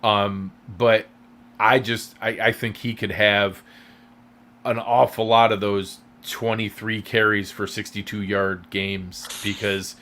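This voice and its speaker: A man's voice: on the low side, little pitch movement, takes it slowly, sharp tone, slight background noise. Rambling male sports podcast co-host. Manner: rambling, hesitant with many restarts. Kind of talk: casual sports chat.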